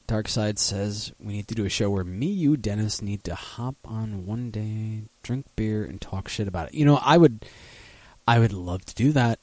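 A man's voice: fairly low pitch, darkish tone, dry recording. A man hosting a casual talk show, rambling and swearing freely while laughing at his own jokes. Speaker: host. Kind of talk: casual talk-radio banter.

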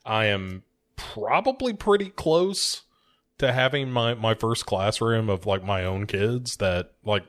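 A man's voice: lowish voice, expressive, takes it slowly, a bit bright. A young man co-hosting a podcast in casual chat, rambling and joking with many restarts. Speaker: podcast co-host.

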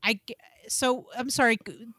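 A woman hosting a casual film podcast, animated and swearing freely, with lots of "like". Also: a little high, moderate pace, dry recording, clean studio sound. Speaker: podcast host.

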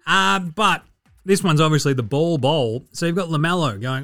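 A man's voice: fairly high pitch, moderate pace. A young Australian man hosting a podcast, chatting about sport with lots of swearing and sarcastic jokes. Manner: swears a lot, sarcastic and animated. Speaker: podcast host. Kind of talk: casual sports chat.

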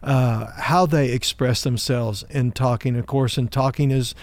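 A male pastor teaching in a calm, measured, conversational manner, building his points through simple examples. His voice sits at an ordinary pitch for a man and is recorded close and dry, with almost no room sound. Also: no echo. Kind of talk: teaching talk on relationships.

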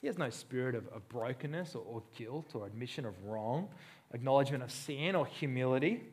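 A man's voice: medium pitch, expressive, brisk. A man preaching a sermon in a conversational way, acting out the voices he quotes. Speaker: pastor.

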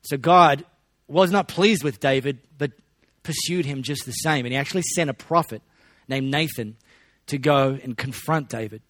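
A man preaching a sermon in a relaxed, conversational way, with joking asides to the congregation. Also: mid-range voice, moderate pace, few pauses, dry recording, clean studio sound. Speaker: pastor.

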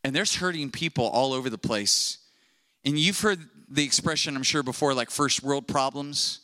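A middle-aged male pastor preaching a sermon, telling a story with animated acted-out dialogue. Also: mid-range voice, normal speed, dry recording.

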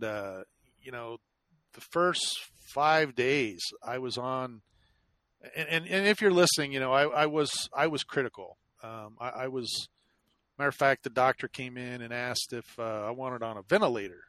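A man's voice: medium pitch, fairly bright tone, no room sound. A man casually recounting a hard personal experience, rambling with lots of fillers and restarts, and a self-deprecating manner. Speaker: guest telling his illness story. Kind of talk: casual conversational storytelling.

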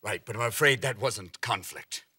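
A man's voice: fairly low pitch, moderate pace, bright, forceful tone, slightly rough, no echo, clean studio sound. A man hosting a children's TV segment, explaining patiently and with animation. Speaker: host. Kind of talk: children's TV presenting.

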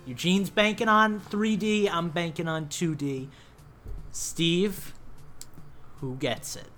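A woman's voice: fairly low pitch, slow pace, fairly bright tone, soft background music. A woman co-hosting a casual gaming podcast, chatty and rambling with lots of ums. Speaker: podcast co-host.

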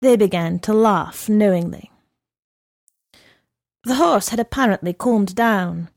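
A woman reads a novel aloud at a slow, patient pace. Her delivery is measured and even. The recording is dry and close, with no room sound. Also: medium pitch, creaky, no room sound. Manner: measured, unhurried reading. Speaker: narrator. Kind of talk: scripted narration of a novel.

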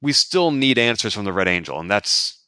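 A man co-hosting a casual podcast discussion, talking in a measured, analytical way. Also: fairly low pitch, big pitch swings, sharp tone, no room sound, studio quality. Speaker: podcast co-host.

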